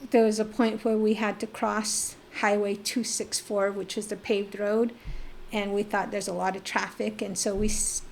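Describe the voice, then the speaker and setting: A middle-aged woman from the Navajo Nation, telling her life story as a podcast guest in a lively, animated way. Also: medium pitch, moderate pace, gravelly, a little hiss or hum. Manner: animated storyteller who acts out remembered voices. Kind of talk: personal storytelling in a casual interview.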